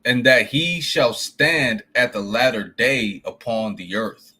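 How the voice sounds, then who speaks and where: Slow, husky man reading scripture from afar. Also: medium pitch, bright, forceful tone. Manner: slow, deliberate reading of King James verses. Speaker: scripture reader.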